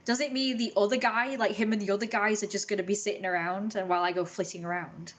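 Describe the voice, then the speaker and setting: A woman's voice: medium pitch, fairly even intonation, quick pace, a little hiss or hum. An English woman from Britain ranting in a casual live stream from home, opinionated and indignant, swearing freely.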